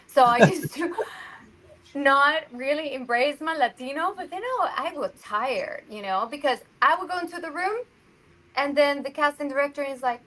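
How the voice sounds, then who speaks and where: Actress on a radio interview, lively, does little voices for people she quotes, voice sits kinda high. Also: normal speed, rough recording. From Mexico. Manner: animated, acts out quoted voices. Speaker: actress guest. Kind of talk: casual interview chat.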